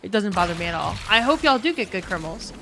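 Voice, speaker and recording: A woman's voice: medium pitch, very animated, fast talker, vocal fry, bright, forceful tone. Chatty woman streamer, game noise behind. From New Orleans, USA. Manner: chatty, swears freely, reads chat aloud. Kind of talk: casual chat with viewers.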